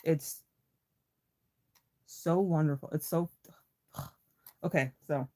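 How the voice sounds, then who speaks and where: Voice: medium pitch, normal speed. A livestream host in a casual, rambling chat, swearing freely and greeting viewers in chat by name with a playful laugh.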